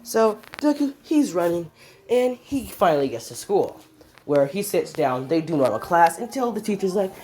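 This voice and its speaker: A woman's voice: fairly low pitch, sing-song, moderate pace, a little mellow, a little hiss or hum. A woman casually improvising a fan story, rambling with restarts and swearing.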